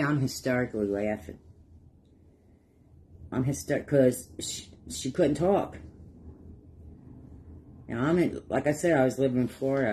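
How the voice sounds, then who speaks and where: A man's voice: medium pitch, mellow, a little hiss or hum. Rambling folksy middle-aged man. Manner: rambling, folksy, chuckles through stories. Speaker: craft vlogger. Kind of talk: casual storytelling while painting.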